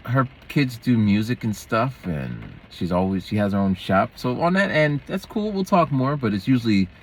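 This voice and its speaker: A man of medium pitch speaks in a sing-song way at an ordinary pace, with a little hiss or hum in the audio. As a teacher making a vlog, he chats to camera and spins rambling tales that leap between topics.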